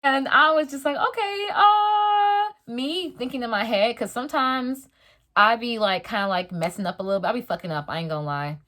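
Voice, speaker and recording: A young adult woman telling a story in a casual storytime vlog, slangy and animated, acting out the voices of the people in it. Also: fairly high pitch, a little fast. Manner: animated, slangy, dramatic retelling. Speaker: vlogger.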